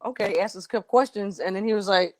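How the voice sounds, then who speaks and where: A woman's voice: medium pitch, fast talker, no room sound. A woman guest telling a funny story with lots of energy, laughing and acting out voices as she goes. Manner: lively, acts out voices and laughs while telling. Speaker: guest singer. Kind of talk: animated storytelling.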